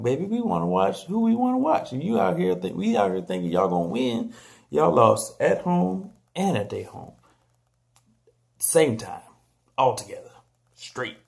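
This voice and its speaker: A man holds forth on basketball in a casual vlog, animated and joking as he trash-talks teams and players. His mid-pitched voice has a gravelly, fry-laced texture. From San Antonio, Texas. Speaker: vlogger.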